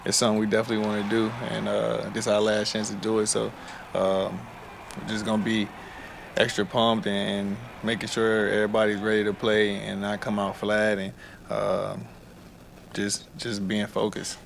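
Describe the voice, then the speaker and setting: Young college baller in an interview, low gravelly monotone, lots of um and you know, bit of noise. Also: male voice, normal speed. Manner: flat, filler-heavy. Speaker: college basketball player. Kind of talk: interview soundbite.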